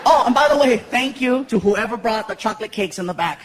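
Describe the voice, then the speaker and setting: High-voiced man doing stand-up. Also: fairly quick, noisy background. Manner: animated storytelling. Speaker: stand-up comedian. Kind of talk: stand-up comedy routine. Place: large theater stage. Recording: live concert with loud crowd. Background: roaring audience laughter.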